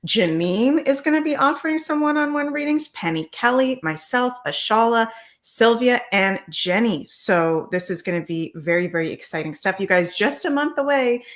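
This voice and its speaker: A woman's voice: a little high, lively intonation, a bit bright. A middle-aged woman co-hosting a casual spiritual chat show, bubbly and chatty. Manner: bubbly, chatty, quick to say yay. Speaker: co-host.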